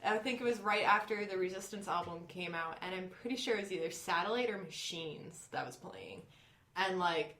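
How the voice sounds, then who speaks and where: Bright-voiced young woman, echoey room. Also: lowish voice, normal speed. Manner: chatty and animated storyteller. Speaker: podcast co-host. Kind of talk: casual chat. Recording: roomy echo.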